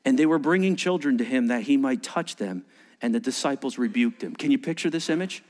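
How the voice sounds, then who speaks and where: A male pastor preaching a sermon, acting out dialogue and swinging between loud bursts and hushed near-whispers. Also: medium pitch, animated, fairly quick.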